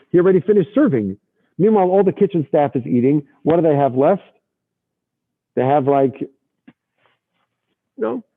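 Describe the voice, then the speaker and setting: A man teaching a Torah lesson as an animated storyteller, sprinkling in Yiddish and Hebrew terms, heard over a tinny line. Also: a little high, husky. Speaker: rabbi teacher.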